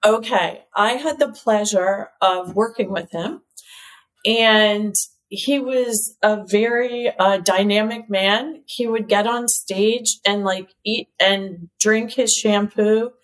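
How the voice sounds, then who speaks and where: A woman who is a company CEO and cosmetic chemist, telling stories as an interview guest in a lively way, laughing often and using lots of "like.". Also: medium pitch, takes it slowly. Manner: lively storyteller, laughs often, many "like" fillers. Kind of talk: casual chat, telling stories.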